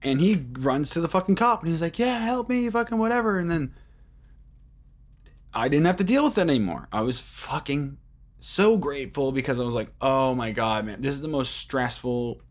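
A man's voice: medium pitch, lively intonation, moderate pace. A man hosting a podcast, telling a rambling story in casual talk, with heavy swearing and many fillers like "like" and "um". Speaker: podcast host.

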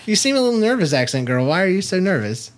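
Chatty, playful dad hosting a podcast. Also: male voice, high-pitched, sing-song, fast, a little hiss or hum. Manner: chatty and playful, laughs often, many fillers and restarts. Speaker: podcast co-host with his daughter. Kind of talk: casual family podcast chat.

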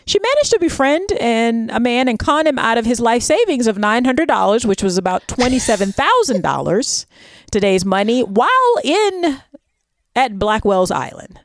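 A woman co-hosting a podcast, telling a history story in a playful, animated way with laughs. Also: fairly high pitch, normal speed, no room sound, clean studio sound. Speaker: podcast co-host. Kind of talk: casual storytelling chat.

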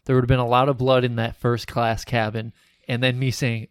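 A man's voice: medium pitch, little pitch movement, a little fast, clean tone, no room sound. A man co-hosting a podcast, talking casually in a dry, understated way. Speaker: podcast co-host. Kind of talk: casual chat.

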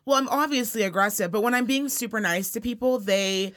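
A young woman from Reno co-hosting a podcast in casual chat, talkative and quick to swear and laugh. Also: on the high side, a bit bright. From Reno, Nevada. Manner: chatty, swears freely, laughs often. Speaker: podcast co-host.

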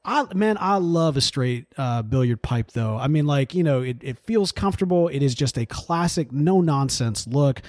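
A man co-hosting a podcast, talking in a relaxed way with lots of fillers and frequent laughter. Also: medium pitch, normal speed, few pauses, no echo, clean studio sound. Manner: easygoing, laughs often, many fillers. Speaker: podcast co-host. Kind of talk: casual chat.

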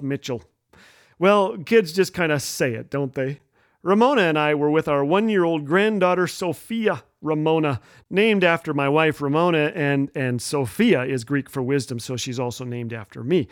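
Wry, high-voiced middle-aged man telling jokes. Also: no room sound, clean studio sound. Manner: wry, gently joking, chuckles at his own lines. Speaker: radio humor show host. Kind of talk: humorous radio storytelling.

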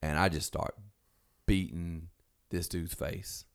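Low, gravelly male storyteller, animated, profane, jumps into character voices. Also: takes it slowly. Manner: animated, swearing, acts out quotes in raised voices. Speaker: storyteller guest. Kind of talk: casual storytelling.

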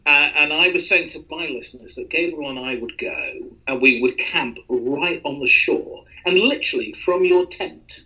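A man's voice: fairly high pitch, moderate pace, few pauses, bright, forceful tone, dull audio. A man hosting a podcast, talking in a rambling, self-deprecating casual way with many restarts. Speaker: podcast host.

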